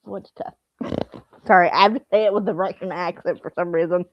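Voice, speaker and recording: A woman's voice: lowish voice, steady tone, no room sound. Woman podcast co-host, giggly and gushing, dry muffled lo-fi sound. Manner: giggly, gushing, quick interjections. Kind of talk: casual chat.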